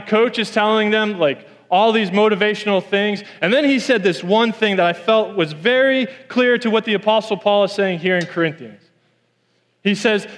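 High-voiced preacher in an echoing hall. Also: male voice, fairly bright tone. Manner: storytelling, repeats key lines for emphasis. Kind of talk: sermon. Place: church.

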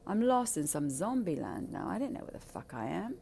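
A woman's voice: lowish voice, sing-song, a little fast, gravelly, warm tone, slight background noise. A woman speaking candidly in a blunt, profane and emphatic way. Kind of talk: candid casual talk.

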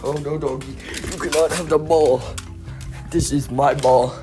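A young woman with a low voice talks slowly through a rambling home podcast, stuttering and repeating herself. She mocks herself and swings from loud outbursts to mumbles. Faint music plays beneath her. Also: fairly even intonation. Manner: self-mocking, jumps between loud outbursts and mumbling. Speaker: podcast host. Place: home recording studio room with her dog.

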